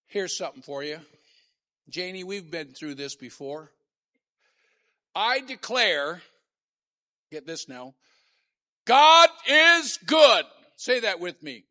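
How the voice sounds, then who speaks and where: A male pastor preaching a sermon in church, dropping to quiet talk and rising to shouted call-and-response. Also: on the high side, expressive, takes it slowly, pauses often.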